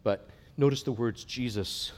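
A man preaching a sermon, earnest, rising to loud emphatic passages and dropping to a near hush. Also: fairly low pitch, moderate pace. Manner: earnest, swells loud then drops to a hush. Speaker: pastor.

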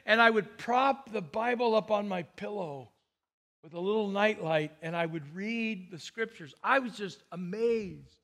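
Brief: male pastor, middle-aged, high-pitched, lively storyteller in a sermon. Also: measured pace. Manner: animated storyteller, acts out quotes with big swings.

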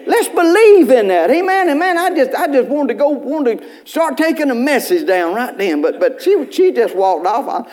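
A male pastor, preaching a sermon in church in a folksy storytelling way, with bursts of loud preaching. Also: extremely high pitch, expressive, normal speed, hardly any pauses.

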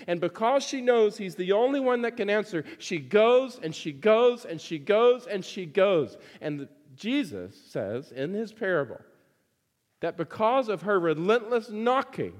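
A man's voice: high-pitched, big-room sound. A man preaching a sermon to his congregation, emphatic and fond of repeating phrases for stress.

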